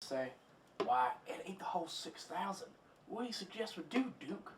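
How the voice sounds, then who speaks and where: A young woman in an amateur student play voicing a scheming old con-man king who talks in a loud, boisterous bluster. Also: mid-range voice, animated, normal speed, pitched below the performer's own voice, lightly acted. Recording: distant mic with faint background noise.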